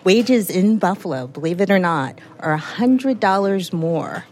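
A woman from Indiana speaks as an economist guest in an interview, answering in a fairly low voice. She makes her points with emphasis and says key figures more than once. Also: expressive, measured pace, darkish tone, a little hiss or hum. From Indiana, USA. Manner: emphatic, explains with repetition. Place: in a cafe.

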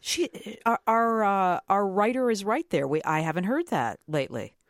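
A woman hosting a public radio call-in show, reading listener comments aloud and bringing in her guest at a brisk pace. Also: mid-range voice, sing-song, dry recording, clean studio sound. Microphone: studio microphone.

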